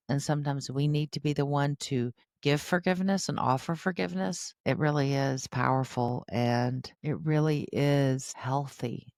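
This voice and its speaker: A woman's voice: very deep voice, darkish tone, dry recording, clean studio sound. A woman hosting a parenting podcast, talking to parents in an earnest, chatty way and calling them "you guys.". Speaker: podcast host, parenting educator. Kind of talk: casual podcast talk to parents.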